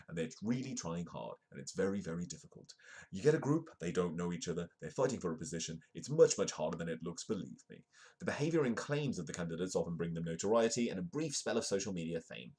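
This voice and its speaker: A British man hosting a live-streamed comedy news show, reading stories aloud with joking asides. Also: low voice. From United Kingdom. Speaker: host.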